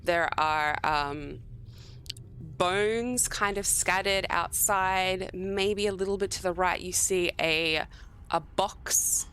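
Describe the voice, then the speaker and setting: A woman running a tabletop game as game master, narrating scenes in an unhurried, descriptive way with filler pauses. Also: lowish voice, a bit bright, a little hiss or hum.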